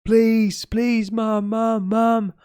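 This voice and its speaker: A tiny boy, three or four years old, shouting his pleas high and frantic, as a grown man acts him out. The man jumps his voice far above his own to play the boy. The sound is close and dry. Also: level tone, extremely slow, clear, resonant tone, no room sound. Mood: desperate pleading. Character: small boy, three or four, desperate, pleading.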